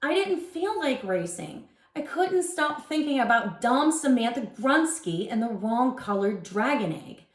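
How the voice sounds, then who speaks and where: A woman guest reader reading a children's chapter book aloud with expressive storytelling. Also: on the high side, unhurried, hardly any pauses, reverberant.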